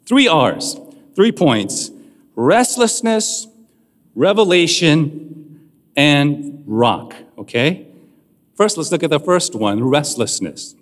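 A man's voice: a little high, very animated, slow pace, long reverb tail. A man preaching a sermon as a pastor, in a conversational way, often asking his listeners questions.

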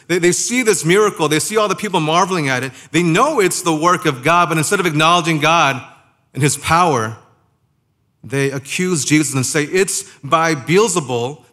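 A pastor preaches a sermon conversationally, posing rhetorical questions to his listeners and slowing down to stress key phrases. His voice sits on the high side with a sharp tone.

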